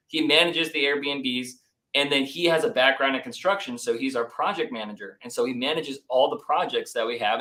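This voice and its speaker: A man's voice: mid-range voice, rough recording. Chatty young man telling stories. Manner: animated, acts out quotes, says "like" and "dude" often. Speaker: business founder, podcast guest. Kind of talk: casual interview storytelling.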